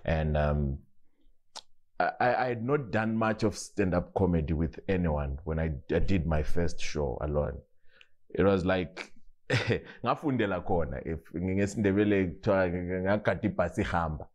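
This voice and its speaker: A man with a Zimbabwean Ndebele accent, a comedian telling stories in a relaxed interview. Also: low-pitched, moderate pace. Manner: relaxed storytelling with frequent restarts and laughs. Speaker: comedian guest. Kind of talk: casual interview, mixing English and Ndebele.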